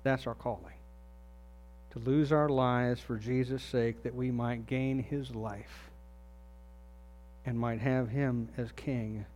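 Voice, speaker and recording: A man's voice: mid-range voice, a little mellow. A man preaching a sermon as pastor, talking earnestly and putting direct questions to his congregation.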